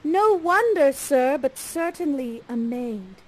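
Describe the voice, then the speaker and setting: A woman's voice: high-pitched, lively intonation, slow pace, poor audio. A woman voicing Miranda, a wide-eyed young maiden. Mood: wonder-struck. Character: young innocent noblewoman, eager and wonder-struck. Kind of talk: improvised interactive theatre.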